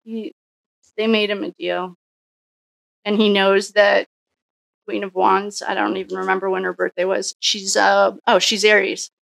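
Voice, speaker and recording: Woman tarot reader, gravelly fry, dry close sound, rambling think-aloud delivery. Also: medium pitch, level tone, measured pace, long pauses, a bit bright, no room sound. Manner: musing, thinks aloud with frequent restarts. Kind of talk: casual solo tarot reading.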